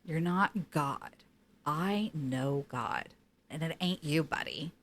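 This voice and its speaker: A woman's voice: low voice, takes it slowly, pitched below the performer's own voice. Death, a scornful ancient man, as a woman puts him on.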